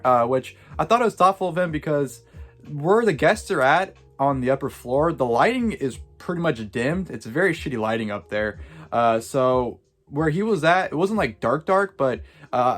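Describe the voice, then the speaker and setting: A man vlogging, telling a story casually in a rambling way full of "like" and "uh". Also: mid-range voice.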